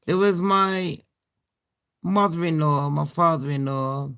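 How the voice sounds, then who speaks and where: A woman's voice: low-pitched, slow pace, a bit bright, clear, resonant tone, highs cut off. A British woman hosting a casual storytime chat, blunt and full of swearing and laughing asides. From Britain. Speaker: livestream host.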